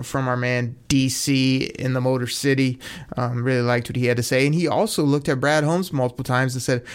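A man's voice: mid-range voice, smooth. A man hosting a casual sports talk show, enthusiastic and rambling, with frequent restarts. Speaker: sports podcast host.

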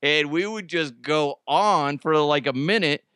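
A man's voice: on the high side, measured pace, bright, forceful tone, clear, resonant tone, no room sound, studio quality. A man hosting a podcast in casual comic chat, joking and slipping into silly put-on voices. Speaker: podcast host.

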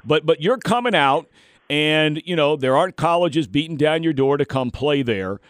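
A man's voice: a little high, lively intonation, moderate pace, no echo, clean studio sound. A man hosting a podcast, building up long, winding questions for his guest. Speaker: podcast host. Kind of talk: casual interview.

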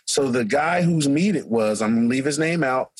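A middle-aged coach co-hosting a casual podcast, talking loudly and telling his stories with animation. His voice is husky, with a mid-range pitch and a dry, close sound. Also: moderate pace, no echo, rough recording. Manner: loud, animated storyteller. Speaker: track and football coach, co-host.

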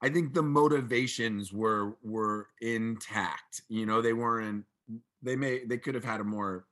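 A man co-hosting a casual film podcast, talking haltingly and searching for words. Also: on the low side, a bit bright. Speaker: podcast co-host.

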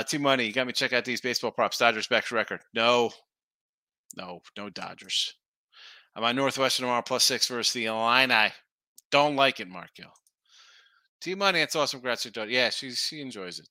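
A man's voice: medium pitch, brisk, bright, forceful tone, no room sound. Rambling man on a sports betting stream. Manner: rambling, self-interrupting, reads chat comments aloud. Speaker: sports betting show host. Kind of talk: casual live-stream sports betting chat.

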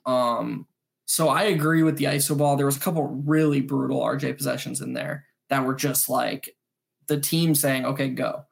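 A man co-hosting a postgame sports podcast, breaking down plays in quick, animated analysis with some restarts. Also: mid-range voice, vocal fry. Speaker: podcast co-host.

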